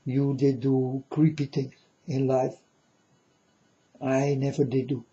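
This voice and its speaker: Slow, dark-voiced man in a lo-fi monologue. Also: medium pitch, little pitch movement. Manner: solemn, repetitive, keeps addressing "folks". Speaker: self-styled prophet. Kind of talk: rambling spoken monologue to viewers.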